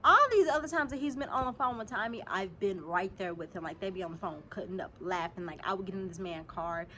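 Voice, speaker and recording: A woman vlogger telling a story to her viewers in casual chat, animated and profane, swinging from hushed asides to loud outbursts. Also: medium pitch, fast, slight background noise.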